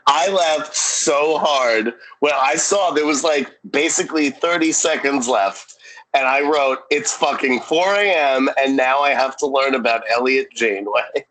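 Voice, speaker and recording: A man co-hosting a podcast in casual chat, recapping with jokes and quick asides. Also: medium pitch, fairly bright tone, a little hiss or hum, low-quality recording. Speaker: podcast co-host.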